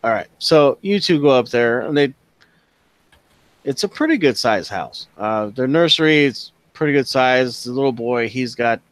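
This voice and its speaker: A man's voice: medium pitch, lively intonation, moderate pace, no echo. Casual man running a tabletop game. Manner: loose, casual, swearing. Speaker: dungeon master.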